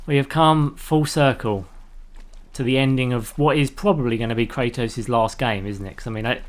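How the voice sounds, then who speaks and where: A man's voice: mid-range voice, normal speed. A man in the middle of a live gameplay stream, chatting with his viewers in a loose, rambling way. He laughs easily at his own jokes and drifts from one thought to the next. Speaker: live streamer playing a video game.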